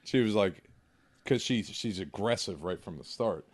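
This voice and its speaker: A man with a lowish voice and a lot of swing in his pitch, chatting and laughing as a podcast guest. He tells his stories with plenty of expression. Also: animated, moderate pace, slightly rough. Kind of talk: casual chat.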